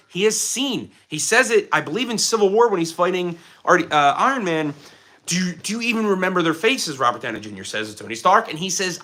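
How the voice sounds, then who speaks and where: A man in his twenties with a light Philadelphia accent, hosting a casual livestream and chatting with viewers in an excitable, jokey way. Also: high voice. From Philadelphia, USA. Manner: excitable, animated, jokey, drops into playful voices. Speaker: livestream host. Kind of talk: casual live chat reading viewer comments.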